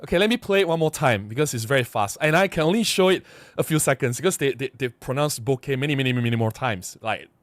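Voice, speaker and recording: A man's voice: medium pitch, quick pace, no echo, studio quality. A man vlogging casually to camera, rambling and repeating himself as he explains. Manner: rambling, repeats words, animated.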